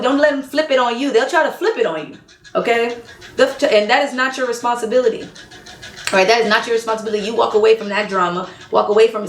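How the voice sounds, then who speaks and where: A woman vlogging relationship advice in a blunt, chatty way, laughing often and repeating points for emphasis. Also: a little high. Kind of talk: candid casual monologue. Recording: roomy echo.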